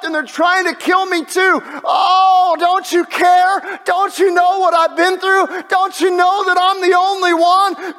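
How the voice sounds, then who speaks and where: A man preaching and voicing a desperate, self-pitying prophet who pleads and shouts in a strained, raised voice. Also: very high voice, voice pushed up. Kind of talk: sermon. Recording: long reverb of a large hall.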